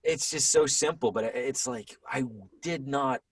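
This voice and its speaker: A man's voice: medium pitch, measured pace, creaky, breathy edge, no room sound. A man in his thirties, a voiceover actor, chatting as a podcast guest, rambling with frequent restarts. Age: 30s. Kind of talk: casual conversation. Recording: dry sound, a bit distant from the mic.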